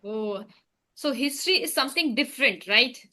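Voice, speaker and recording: A woman's voice: a little high, expressive, normal speed, sharp tone. A young woman hosting a casual English conversation practice, chatty and often restarting her sentences.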